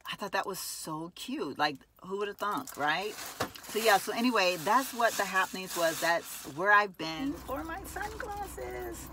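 A woman's voice: mid-range voice, normal speed, noisy background. A woman chatting casually to her viewers while vlogging from her car, calling them y'all. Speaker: lifestyle vlogger. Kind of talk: casual vlog chat. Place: inside a car.

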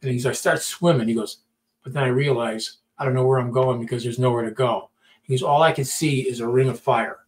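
A man's voice: mid-range voice, fairly even intonation, brisk. A middle-aged man telling a story in casual talk, acting out quotes and often repeating words. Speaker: podcast storyteller.

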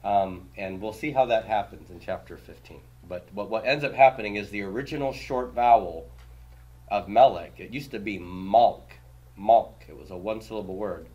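A man's voice: lowish voice, brisk, a little mellow, husky, lo-fi sound. A man teaching a Hebrew grammar class, explaining patiently and quizzing his students with questions and homely comparisons.

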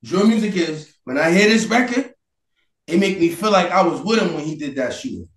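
A man, a guest in a casual interview, arguing loudly and profanely and often shouting. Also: sits high, fairly quick, distant mic. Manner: loud, animated, profane, argumentative, often shouting. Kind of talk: heated casual debate. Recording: echoey room.

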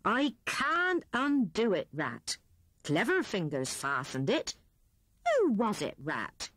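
A woman's voice: mid-range voice, huge pitch swings, takes it slowly, a bit bright, no room sound, full character voice. Woman playing a kindly grumbling old hedgehog. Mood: gruff. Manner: grumbling, homely. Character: kindly old male hedgehog, gruff and plain.

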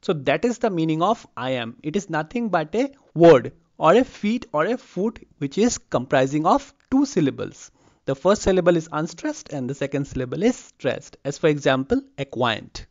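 A man's voice: on the high side, sing-song, normal speed, muffled recording. A man teaching a lesson, who repeats example words aloud and says okay often. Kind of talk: explaining a lecture. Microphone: lavalier.

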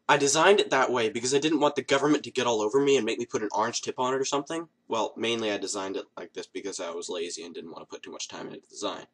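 A man's voice: mid-range voice, husky. Sarcastic young male comedy vlogger. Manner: sarcastic, self-mocking deadpan. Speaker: comedy video host. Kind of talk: scripted comedic monologue.

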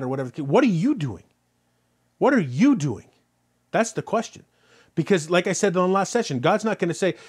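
A man preaching a sermon as pastor, telling a story and then driving points home with repeated rhetorical questions. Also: fairly high pitch. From Canada. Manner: animated preaching, rhetorical questions, rising loud on key points.

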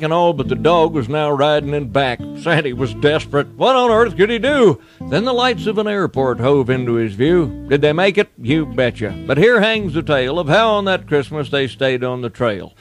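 Folksy cowboy poet reciting. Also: male voice, on the high side. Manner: folksy rhyming delivery. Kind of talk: comic cowboy poetry recital.

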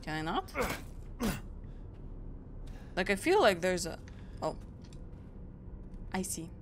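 A woman's voice: fairly low pitch, sing-song, slow, a little hiss or hum. A woman from Europe hosting a gaming channel, reacting aloud and chatting through a let's play. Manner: chatty, reacting aloud, frequent small laughs.

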